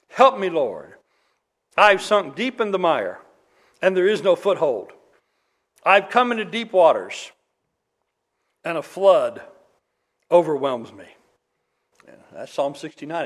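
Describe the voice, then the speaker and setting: A man's voice: fairly high pitch, a bit bright. A man preaching a sermon in a conversational way, with dry humor, reading scripture aloud. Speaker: pastor.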